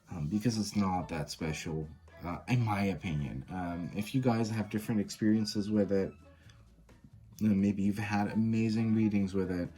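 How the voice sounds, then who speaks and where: A man's voice: deep voice, a little mellow. A man casually reviewing a tarot and oracle deck, candid and blunt, swearing and using lots of fillers.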